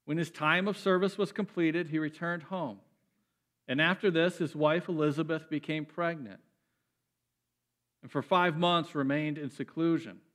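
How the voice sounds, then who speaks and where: A man preaching a sermon, animated and emphatic, often repeating words as he builds up. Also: fairly high pitch, normal speed. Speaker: pastor.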